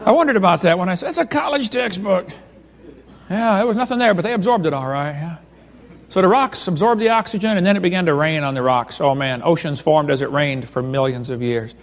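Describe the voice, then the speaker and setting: In a long-reverb hall, a folksy, wisecracking man delivers a funny creation seminar lecture, telling stories and jokes to a live crowd. He speaks in a high voice at a fairly quick pace.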